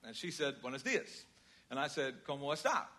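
An older man preaching a sermon, conversational and storytelling, moving between loud emphasis and quiet asides. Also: mid-range voice, big pitch swings, moderate pace. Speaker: pastor.

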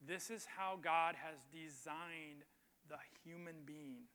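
A man's voice: fairly high pitch, takes it slowly, sharp tone. A male pastor giving a sermon in a conversational storytelling way, repeating his key points for emphasis. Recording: long hall reverb.

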